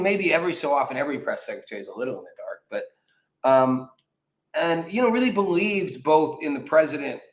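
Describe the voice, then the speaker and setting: A man's voice: a little high, a bit bright, roomy sound, low-quality recording. A man hosting a political talk show, giving casual, opinionated commentary with sarcastic, mocking asides.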